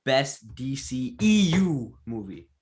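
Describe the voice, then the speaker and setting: A man co-hosting a casual movie review podcast, gushing and excitable, breaking into laughs. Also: mid-range voice, takes it slowly. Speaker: podcast co-host.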